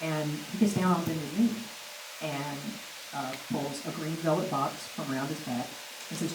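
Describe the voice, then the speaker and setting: An older woman tells her story to a crowd, her voice low and warm in tone. She keeps stopping and restarting with "um" and "uh". The sound is echoey, with a steady noise underneath. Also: distant mic. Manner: halting, many fillers and restarts, light laughs. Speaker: guest recounting memories. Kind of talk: storytelling on stage. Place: event hall with audience. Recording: echoey room with background noise.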